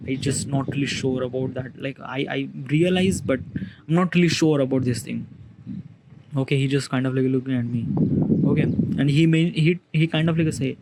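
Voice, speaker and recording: A man casually telling a personal story in halting speech, full of restarts and fillers. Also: mid-range voice. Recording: loud background noise.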